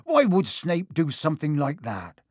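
Hagrid, a man doing a rough-spoken giant groundskeeper. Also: fairly high pitch, wildly swooping pitch, moderate pace, no echo, studio quality, full character voice. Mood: worried. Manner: rustic, ungrammatical speech.

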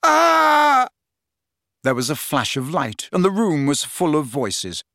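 A man narrating a fantasy novel as an audiobook, with expressive storytelling. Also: mid-range voice, normal speed, dry recording, clean studio sound. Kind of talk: scripted narration.

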